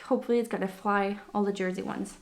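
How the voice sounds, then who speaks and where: Now her voice sits at medium pitch, gravelly and steady, and she speaks fast. Chatting casually on her podcast, she sounds breathless and rambles with lots of fillers and restarts.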